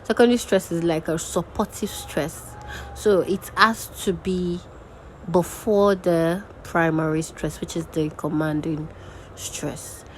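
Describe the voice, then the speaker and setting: Slow, patient woman teaching. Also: fairly low pitch, slight background noise, low-quality recording. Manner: slow, patient, repeats example words aloud. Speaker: diction and grammar tutor. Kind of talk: recorded teaching lesson.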